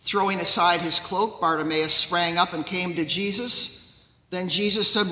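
A man preaching a sermon as pastor, in a measured storytelling way. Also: high-pitched, steady tone, pushed and bright, echoey room, big-room sound, low-quality recording.

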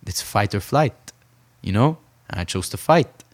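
A man's voice: lowish voice, expressive, measured pace. A young man from Saudi Arabia, a professional boxer, talking earnestly in an interview and repeating phrases for emphasis. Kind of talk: reflective interview conversation.

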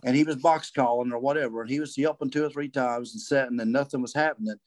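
A man, a guest telling a hunting story in a casual, animated way and acting out voices and calls. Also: mid-range voice, fast, no room sound. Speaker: guest turkey hunter.

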